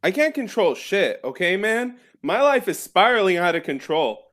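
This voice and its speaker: A woman's voice: mid-range voice, big pitch swings, moderate pace, a bit bright. A woman in an improvised comedy scene playing a frazzled, sweary young partygoer. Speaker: improv performer.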